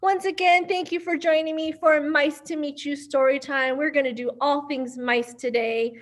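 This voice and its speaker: Over a computer microphone, a woman running an online children's storytime addresses young kids and their grown-ups with upbeat, sing-song cheer. She speaks at normal speed in a high-pitched, steady tone.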